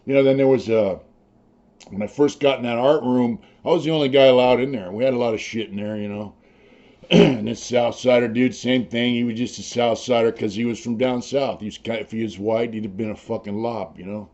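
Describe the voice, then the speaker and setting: A man's voice: medium pitch, fairly even intonation, brisk, darkish tone, lo-fi sound. An older man, a former prisoner, telling his stories in a rambling, profane, casual way full of "you know". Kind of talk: casual storytelling.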